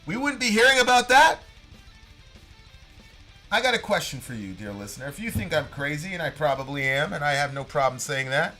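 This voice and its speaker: A man in his thirties talks through the news as a podcast co-host. His voice is bright and forceful and sits a little high, and he pushes hard on his points, rambling and restarting as he goes. Soft guitar music plays behind him. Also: brisk. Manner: animated, emphatic, rambling with restarts. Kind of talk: casual political commentary.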